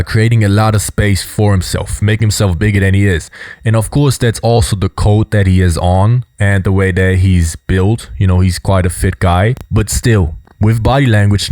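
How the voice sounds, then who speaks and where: A man hosting a casual video commentary, explaining at an easy pace and filling his talk with "you know" and "right". His voice sits low and sounds dry and close. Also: dry recording. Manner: relaxed, explanatory, many fillers. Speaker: host.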